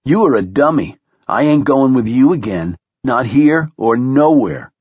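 A young college woman, scornful and done with her dummy of a date, cuts him down in a dismissive scold, as a man reading aloud puts her on. The voice sits a few steps higher than his husky low tone, on a slightly dull recording. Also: animated, measured pace, no echo. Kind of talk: audiobook character voice.

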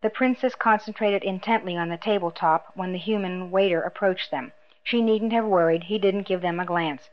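A woman reading a novel aloud in a measured, even narration. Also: mid-range voice, lo-fi sound. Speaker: audiobook narrator. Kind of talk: scripted narration.

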